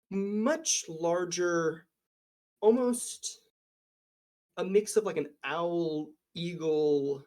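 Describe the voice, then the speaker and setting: Game master, slow-paced, improvised tabletop narration, frequent ums. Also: mid-range voice, a little mellow. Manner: unhurried, filler-heavy improvised narration.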